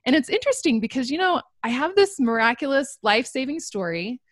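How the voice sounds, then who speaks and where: A woman's voice: high-pitched, big pitch swings, a little fast, no room sound, studio quality. A young woman telling a personal story in an earnest, reflective way, with light laughs between lines. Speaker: guest telling her story. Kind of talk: personal testimony.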